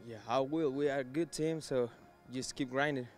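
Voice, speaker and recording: A young man from Arizona, soft-spoken, giving brief answers. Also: medium pitch, steady tone, normal speed, faint music behind. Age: young adult.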